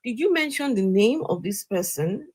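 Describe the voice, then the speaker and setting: A woman's voice: fairly high pitch, lively intonation, moderate pace, a little mellow, breathy edge. A woman hosting an interview, breaking in to press her guest for details. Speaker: interviewer host. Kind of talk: interview questioning.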